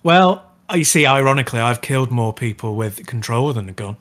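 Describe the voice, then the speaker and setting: A man co-hosting a gaming podcast in casual chat, keen and quick to laugh. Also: medium pitch, expressive, fairly bright tone. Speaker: podcast co-host.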